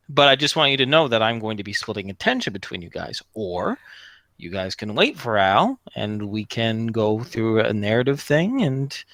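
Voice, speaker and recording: A man running a tabletop game who rambles through the options and keeps correcting himself. His voice is bright and sits close, in a dry room. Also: medium pitch, dry recording. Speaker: game master.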